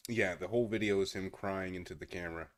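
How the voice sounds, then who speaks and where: Streamer, male, fairly low voice; casual incredulous reaction commentary. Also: fairly even intonation, quick pace. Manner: incredulous, often laughing in disbelief.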